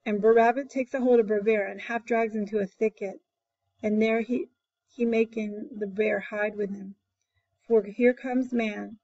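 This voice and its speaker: A woman, a teacher, reading a folk tale aloud in a steady, expressive way. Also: medium pitch, lo-fi sound.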